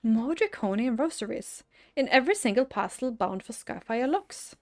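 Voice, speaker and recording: A woman voicing a stern older noble lord in a fantasy game, reading his lines in a formal, measured way. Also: a little high, lively intonation, close to an everyday voice. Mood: indignant.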